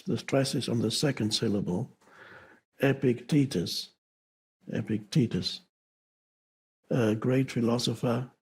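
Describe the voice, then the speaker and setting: A man giving an unscripted spiritual talk to an audience, slow and reflective, with pauses and self-corrections. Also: mid-range voice, creaky, darkish tone, breathy edge. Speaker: spiritual teacher.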